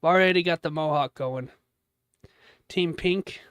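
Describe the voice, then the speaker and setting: A man's voice: on the high side, unhurried, a bit bright, clean tone, no echo. Chatty, joking male live-streamer. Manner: jokey, chatty, thanks viewers often. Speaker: live-stream trading host. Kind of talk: casual live-stream chat.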